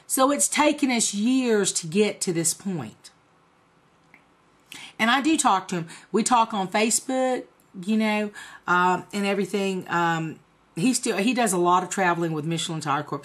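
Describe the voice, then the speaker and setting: A middle-aged woman vlogger telling a personal story to the camera in a blunt, profane, animated way. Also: mid-range voice.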